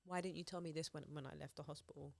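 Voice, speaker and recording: A woman's voice: low voice, very fast, gravelly, dry recording. A young woman, chatting on a podcast and telling stories with lots of laughter. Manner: animated storytelling, laughs often. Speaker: podcast co-host. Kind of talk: casual chat.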